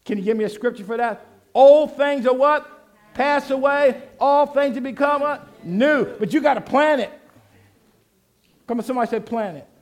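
A pastor preaching, leading the congregation in call and response and shouting out his refrains. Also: very high voice, normal speed. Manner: exhorting, shouting refrains, laughing asides.

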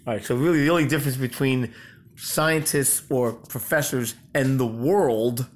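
A man's voice: medium pitch, normal speed. A father chatting with his child, asking playful questions and teasing. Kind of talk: casual chat with his child.

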